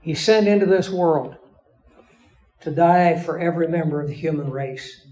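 A man lecturing a Bible class in a measured, explanatory way, with emphatic pauses. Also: on the high side, mellow, rough recording. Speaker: Bible teacher.

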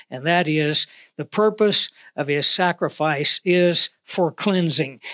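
A man preaching a sermon in an earnest way, slowing down to stress key words, speaking into a clip-on microphone. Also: high voice, a bit bright, no room sound, studio quality. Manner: earnest, with slow emphatic pauses on key words. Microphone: wearing a clip-on microphone.

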